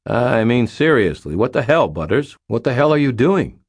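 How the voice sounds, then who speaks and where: A man voicing a tall, strong young man who is stern and suspicious, speaking forcefully. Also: sits low, big pitch swings, a little fast. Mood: incredulous. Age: young adult.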